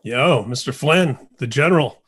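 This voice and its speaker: Man from Indianapolis, average pitch, relaxed and self-deprecating interview guest. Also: normal speed, breathy edge. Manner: friendly, easygoing, self-deprecating. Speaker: podcast guest. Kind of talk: casual interview chat.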